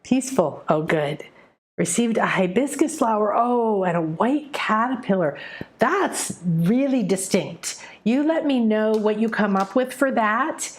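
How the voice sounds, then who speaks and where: Middle-aged woman of mid pitch hosting a spiritual livestream; chatty, animated, with sudden excited rushes. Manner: animated, breaks into quick excited bursts and soft slow stretches. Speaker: spiritual teacher hosting a live session. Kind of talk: casual live-stream talk to viewers.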